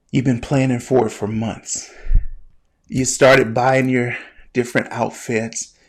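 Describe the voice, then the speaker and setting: A man, a medical educator and former flight paramedic, teaching through an animated, conversational story that speaks straight to the listener. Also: medium pitch. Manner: addresses the listener directly, guided imagery. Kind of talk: storytelling lesson.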